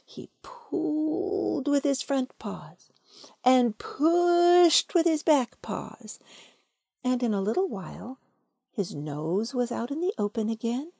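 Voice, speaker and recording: A woman reading a children's story aloud, gentle and expressive. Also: high voice, takes it slowly, creaky, breathy edge, no room sound, studio quality. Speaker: storybook reader.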